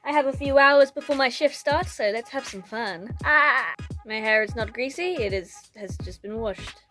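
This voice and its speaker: A woman's voice: on the high side, normal speed, fairly bright tone, soft background music. A woman, ranting to camera in a casual vlog, blunt and sweary, laughing often, recorded on a phone. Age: 20s. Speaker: vlogger.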